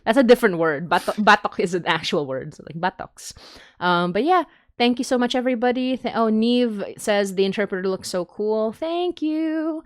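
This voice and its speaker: A woman's voice: fairly high pitch, animated, normal speed, no room sound, clean studio sound. A young woman hosting a fundraising stream in casual, giggly, rambling chat. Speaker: podcast host on a fundraising stream.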